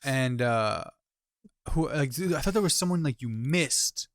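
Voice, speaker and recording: A young man co-hosting a podcast in casual chat, reacting eagerly and jumping in with quick comments. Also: medium pitch, lively intonation, dry recording, clean studio sound. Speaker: podcast co-host.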